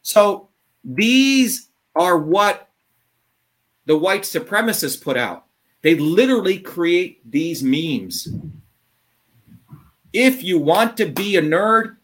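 A man ranting combatively in an interview, profane and heated, swinging between fast bursts and drawn-out words. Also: high-pitched, very animated, a bit bright. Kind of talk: impassioned interview talk.

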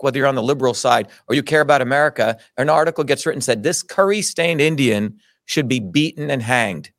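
A man's voice: a little high, a bit bright, no echo, clean studio sound. A middle-aged man telling his own story in an interview, indignant, emphatic and full of swearing. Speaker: interview guest. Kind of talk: heated personal storytelling.

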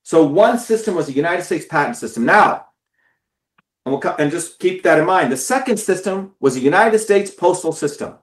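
A man's voice: on the high side, lively intonation, moderate pace, echoey room. A man giving an impassioned, profane talk to his followers, stressing and repeating words. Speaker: political speaker.

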